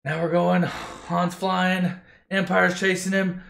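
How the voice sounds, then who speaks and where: A man's voice: sits high, little pitch movement, takes it slowly, vocal fry, fairly bright tone, slight background noise. A man doing a comedic, profane retelling of a movie in a rambling, sarcastic way. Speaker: narrator. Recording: echoey room.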